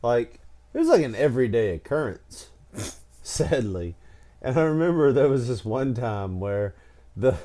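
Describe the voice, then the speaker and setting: A podcast co-host's mellow, medium-pitched voice is expressive and a little slow. He tells funny childhood stories in a casual chat, laughing often and stammering in a tired manner.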